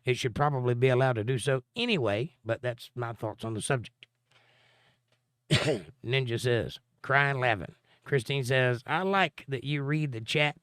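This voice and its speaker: A man's voice: medium pitch, normal speed, fairly bright tone, clean tone, dry recording. Dry-humored man reading live chat. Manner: dry, joking and sarcastic. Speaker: livestream host. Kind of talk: casual livestream chat, reading viewer comments aloud.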